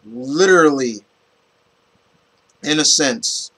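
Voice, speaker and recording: Husky-voiced man rambling through a review. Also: on the high side, takes it slowly, poor audio. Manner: rambling, animated, frequent restarts and fillers. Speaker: movie reviewer. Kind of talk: casual spoken movie review.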